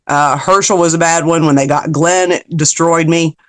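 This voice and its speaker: A woman's voice: deep voice, steady tone, normal speed. A woman chatting as a guest on a live-streamed interview, laughing often and losing her train of thought. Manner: giggly, easily sidetracked, laughs a lot. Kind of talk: casual chat.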